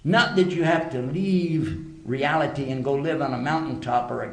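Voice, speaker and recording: A man's voice: medium pitch, moderate pace, hardly any pauses. A man giving a religious lecture to a live audience, emphatic and full of rhetorical questions. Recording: echoey lecture hall.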